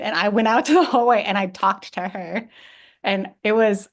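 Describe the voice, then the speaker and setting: A woman chatting casually on a livestream, excitable and rambling, swearing freely as she tells her story. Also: medium pitch, fairly quick. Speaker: community member on a livestream. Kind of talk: casual chat.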